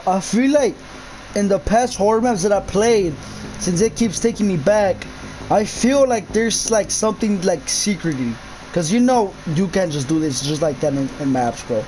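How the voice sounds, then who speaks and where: A man's voice: high voice, expressive, moderate pace, mellow, a little hiss or hum, poor audio. A young man commentating his own gameplay of a horror map, jumpy, swearing a lot and yelping at scares. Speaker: gamer.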